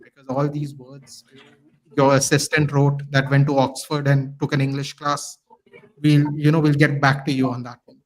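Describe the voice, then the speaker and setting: A man as a guest on a podcast, talking in a casual, animated, ranting way. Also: medium pitch, normal speed, poor audio. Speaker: guest fan commentator.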